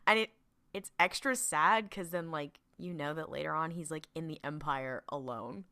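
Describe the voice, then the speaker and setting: A woman's voice: low voice, moderate pace, sharp tone, clear, resonant tone. A woman co-hosting a podcast, chatting casually and animatedly, swearing and laughing often. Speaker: podcast co-host. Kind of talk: casual chat.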